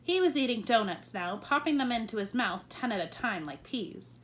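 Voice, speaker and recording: A woman teacher reading a children's novel aloud with expressive storytelling. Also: fairly high pitch, normal speed, slight background noise.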